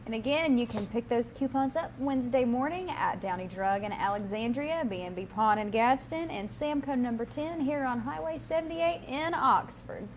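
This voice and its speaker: Bubbly higher-voiced woman co-host. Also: lively intonation, a little hiss or hum. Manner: bubbly, quick-witted, laughing. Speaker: local TV shopping show co-host. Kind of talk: casual on-air banter. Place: local TV studio.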